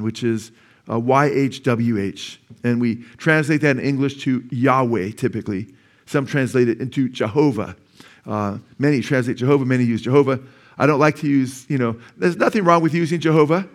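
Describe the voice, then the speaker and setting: A man preaching a sermon as pastor in a church, earnest and conversational, often asking the congregation "amen?" and restarting words. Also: medium pitch.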